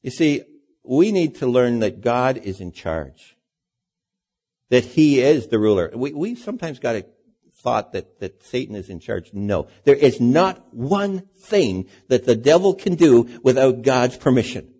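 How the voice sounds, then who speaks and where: A male preacher delivers a sermon in a relaxed, conversational way. His voice is warm and a little husky. He keeps turning to his listeners with rhetorical questions. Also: medium pitch, unhurried.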